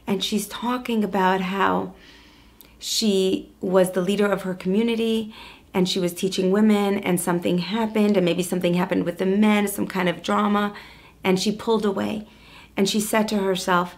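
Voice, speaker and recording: An adult woman shares a heartfelt story from her work as an educator, speaking in a mid-range voice. She tells it with feeling, sometimes bright and lively, sometimes dropping soft and low. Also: moderate pace. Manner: expressive storyteller, shifting between lively and hushed. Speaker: Jewish educator and coach. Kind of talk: personal storytelling talk.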